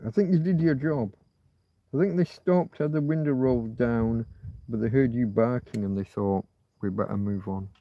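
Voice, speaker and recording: A man's voice: medium pitch, moderate pace, no room sound, lo-fi sound. A man hosting a livestream, thinking aloud in rambling casual chat, often muttering and swearing to himself. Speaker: livestream host.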